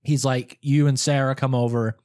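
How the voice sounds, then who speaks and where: A man's voice: medium pitch, little pitch movement, moderate pace, a little mellow. A young adult man telling a story in casual podcast chat, swearing often and laughing through it.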